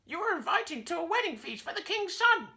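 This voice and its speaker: A man's voice: very high voice, very animated, brisk, creaky, pushed and bright, voice pushed up, exaggerated voice. A man voicing a cheeky parrot that squawks and repeats every phrase back. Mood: squawking.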